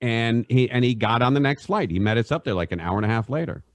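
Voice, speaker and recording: A middle-aged man, a radio host and podcast guest, telling rambling stories in a halting way and laughing through them. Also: medium pitch, lively intonation, no echo. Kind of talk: casual anecdote telling.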